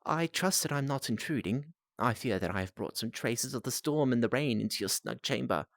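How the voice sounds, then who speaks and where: A man reading aloud voices an anxious young gentleman who comes asking for help, speaking earnestly and pleadingly. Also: mid-range voice, lively intonation, fairly quick, creaky, no room sound, studio quality.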